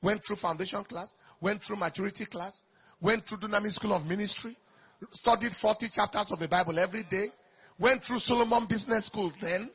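A man's voice: high-pitched, fairly quick, fairly bright tone, husky. A man preaching a sermon as pastor, telling a story with emphatic surges of volume. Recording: dull lo-fi recording.

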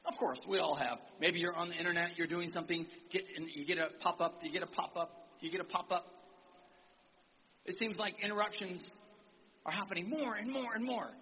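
An animated male preacher delivering a sermon to young people, with a high, bright voice. He calls out for amens and acts out quotes as he goes. The recording sounds a bit muffled, with a faint hiss behind him. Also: a little fast. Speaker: visiting preacher. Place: church service in Nigeria.

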